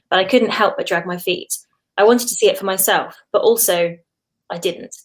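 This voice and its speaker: A woman, a guest author, reading a story aloud with a steady, clear storytelling delivery. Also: medium pitch.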